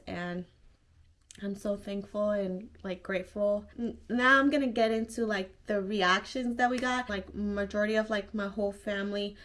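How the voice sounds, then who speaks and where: A woman's voice: medium pitch, a bit bright. Chatty young woman telling a story. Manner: chatty and emotional, many fillers and restarts. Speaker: vlogger. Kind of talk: casual storytelling to camera.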